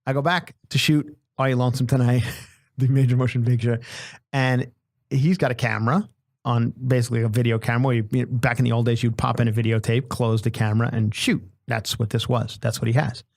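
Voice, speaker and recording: Animated man telling a comic story. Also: medium pitch, brisk, creaky, dry recording, studio quality. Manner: animated, self-mocking, repeats himself. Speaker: podcast host. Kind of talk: comedic storytelling.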